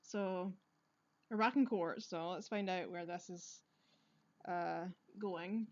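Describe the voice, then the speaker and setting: A woman's voice: fairly low pitch, slow, dull audio. A woman chatting casually while playing a game, laughing often and poking fun at herself. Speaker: let's-play streamer. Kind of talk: casual game commentary and reading dialogue aloud.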